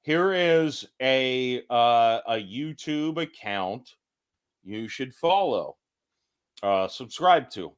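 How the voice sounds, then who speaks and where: A man hosts a casual podcast chat, rambling and correcting himself as he goes. His voice sits at an ordinary middle pitch. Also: expressive, extremely slow, smooth. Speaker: podcast host.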